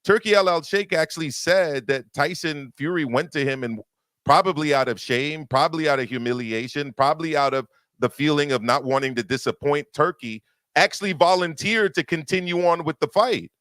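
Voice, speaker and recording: A man's voice: on the high side, moderate pace, a bit bright, dry recording. A man hosting a boxing talk show, arguing emphatically and repeating words as he builds his point. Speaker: boxing podcast host. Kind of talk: opinionated casual discussion.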